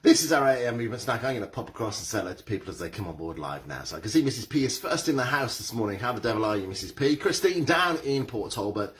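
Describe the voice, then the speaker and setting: A man's voice: mid-range voice, very animated, quick pace, few pauses, a bit bright. Chatty guy running a live workout stream, bouncy up-and-down voice, greets folks by name. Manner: cheery, greets viewers by name. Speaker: fitness instructor.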